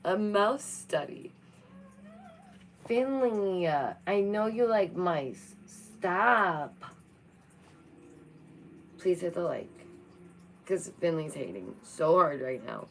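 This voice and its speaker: A woman's voice: on the low side, expressive, slow, creaky, long pauses, a bit bright, a little hiss or hum, rough recording. A young woman vlogging, reading science news aloud and joking with her cat in a playful, chatty way. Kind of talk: casual chat reacting to news.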